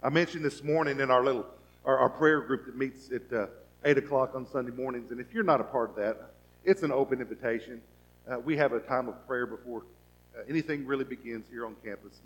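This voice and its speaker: In a lo-fi recording, a man of medium pitch delivers a sermon a little fast, acting out what people think and firing rhetorical questions at the congregation while his volume rises and falls.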